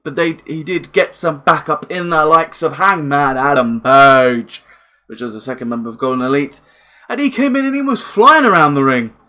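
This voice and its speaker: A young man reviewing a wrestling event in a casual, excitable, rambling way, swearing freely and repeating himself. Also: fairly high pitch, normal speed.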